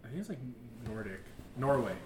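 A young Canadian man co-hosting a casual podcast trivia game, loud, excitable and swearing freely. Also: mid-range voice, brisk. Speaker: podcast co-host. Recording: echoey room with faint noise.

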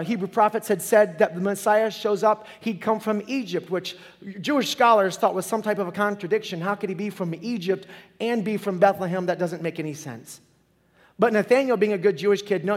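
A man's voice: high voice, long reverb tail. A man preaching a sermon as pastor, conversational and joking as he retells the story.

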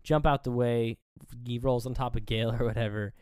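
A man's voice: moderate pace, clean tone, no echo, studio quality. A man co-hosting a podcast, casually recapping a movie scene by scene and acting out the characters' lines. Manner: animated retelling, acts out quotes with pitch jumps; loose and profane, lots of fillers. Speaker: podcast co-host.

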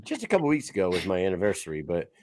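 Lively profane man telling stories. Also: low voice, very fast. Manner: profane, animated storytelling. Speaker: podcast host. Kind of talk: casual chat.

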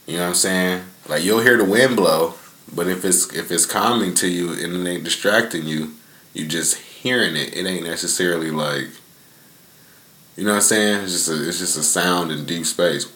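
This young podcast host has a low voice with a sharp tone, talking at normal speed in a reverberant space. He's out in his front yard, casually spinning a laid-back, profane yarn that rambles along with plenty of fillers.

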